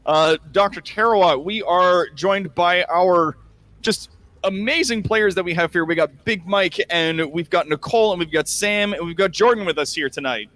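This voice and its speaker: A man narrating a tabletop game as game master, in a relaxed way with many fillers. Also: sits high, moderate pace.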